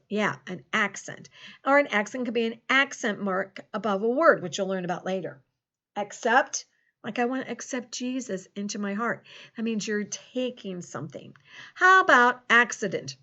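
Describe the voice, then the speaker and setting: A woman teaching a recorded phonics lesson to young children, encouraging them and sounding out words slowly. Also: fairly high pitch, expressive, pushed and bright, muffled recording. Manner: encouraging, slow and exaggerated word sounding. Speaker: second grade teacher.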